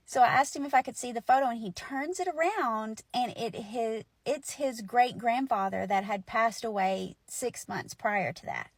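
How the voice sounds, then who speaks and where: A woman's voice: on the high side, moderate pace, few pauses, no echo. A woman in her forties telling a personal story in a chatty, emotional way, with lots of fillers. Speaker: storyteller host.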